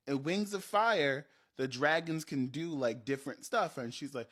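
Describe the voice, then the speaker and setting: A man with a fairly high voice tells a casual story about running a tabletop game, animated and rambling with quick restarts.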